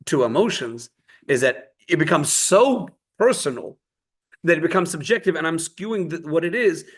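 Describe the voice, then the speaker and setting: A man's voice: a little high, lively intonation, moderate pace, slightly rough. A man teaching a Torah class in a conversational way, explaining ideas through stories and everyday examples. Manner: conversational, storytelling with quoted voices.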